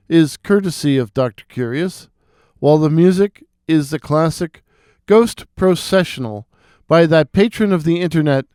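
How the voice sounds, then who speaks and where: Man, storyteller, gravelly voice from a head cold, slightly high pitch, theatrical, dry close recording. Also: darkish tone, dry recording. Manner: theatrical, addresses listeners directly. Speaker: storyteller and channel host. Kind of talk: reading and commenting on weird tales.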